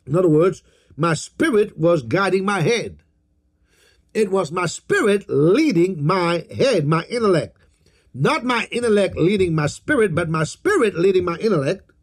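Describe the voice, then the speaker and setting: A man's voice: high-pitched, expressive. A man preaching a sermon, reading scripture aloud, repeating key phrases and calling on the congregation to answer back. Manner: slow and emphatic, reads scripture aloud. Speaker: pastor.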